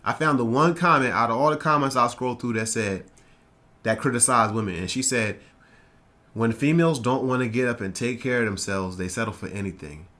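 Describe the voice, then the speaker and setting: A man's voice: medium pitch, brisk, pushed and bright. A man giving casual reaction commentary, talking things through and repeating himself as he thinks aloud. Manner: conversational, repeats words when thinking aloud. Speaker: commentary host.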